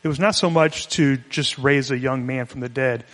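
Male pastor, conversational sermon, mid-pitched voice, long reverb of a church hall. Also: moderate pace, fairly bright tone. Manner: conversational, explanatory, with restarts.

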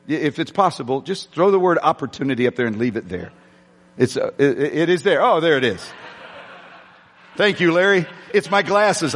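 A male pastor telling a story during a sermon, chatty and self-deprecating, with halting restarts. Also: fairly high pitch. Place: church sanctuary. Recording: long hall reverb.

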